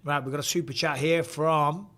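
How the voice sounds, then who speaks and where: A middle-aged man with a northern English accent, hosting a live watchalong and chatting casually with viewers, blunt and quick to swear. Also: a little high, fairly even intonation, a bit bright. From England. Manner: casual and blunt, swears freely, reads viewer questions aloud. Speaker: host.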